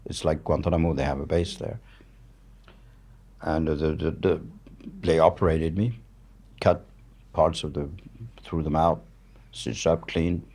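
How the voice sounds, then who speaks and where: Deep-voiced older French man. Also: fairly even intonation, unhurried, gravelly, pauses often, mellow, breathy edge. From France. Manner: blunt, matter-of-fact, swears freely. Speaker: guest, war journalist. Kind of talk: candid storytelling in conversation.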